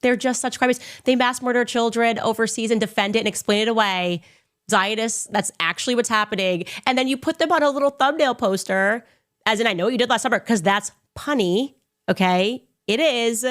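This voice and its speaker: A woman's voice: brisk, a bit bright. A woman hosting her own commentary show, talking in a combative, sarcastic way and mocking others in a raised voice. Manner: sarcastic, mocking impressions in a high voice; combative, emphatic. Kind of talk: opinionated commentary monologue.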